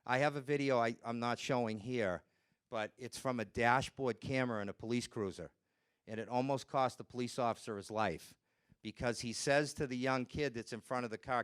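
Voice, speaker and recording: Smooth-voiced man giving a lively lecture. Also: mid-range voice, normal speed. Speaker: trainer on nonverbal communication. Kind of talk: lecture presentation. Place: presentation room with slides.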